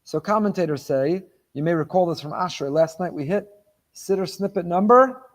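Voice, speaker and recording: A rabbi delivers a sermon on the weekly Torah portion in a high-sitting voice at normal speed. Animated, he poses rhetorical questions, repeats and stacks phrases for emphasis, and weaves Hebrew terms into his English.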